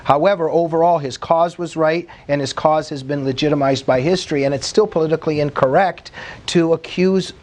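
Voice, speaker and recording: A man's voice: on the high side, fairly quick, darkish tone. A man hosting a political panel discussion, talking in an emphatic, indignant way. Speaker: talk show host.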